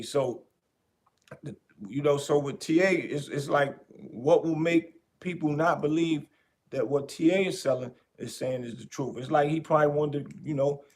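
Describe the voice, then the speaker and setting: A podcast host talking in a casual, animated way, repeating his points for emphasis. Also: on the high side. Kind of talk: casual commentary.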